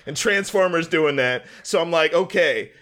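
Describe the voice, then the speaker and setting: A man on a podcast chatting in an animated, rambling way, often breaking into laughs. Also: a little high, measured pace. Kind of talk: casual chat.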